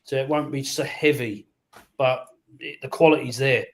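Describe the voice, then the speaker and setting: A man's voice: mid-range voice, steady tone, normal speed. A man co-hosting a live koi auction, blunt and plain-spoken, calling bids and talking up the fish. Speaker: auction co-host. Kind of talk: casual live auction talk.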